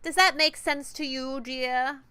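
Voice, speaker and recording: A woman's voice: high voice, steady tone, unhurried, sharp tone, no room sound, voice pushed up. A woman voicing a menacing middle-aged female triad boss, with a sweet, nasal, grinding British voice. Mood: patronizing.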